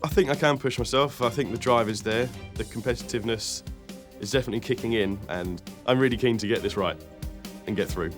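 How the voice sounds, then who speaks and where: A man's voice: medium pitch, fairly quick. A man competing on a cooking show, explaining his dish with hesitant ums. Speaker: contestant. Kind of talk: interview answers. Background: background music.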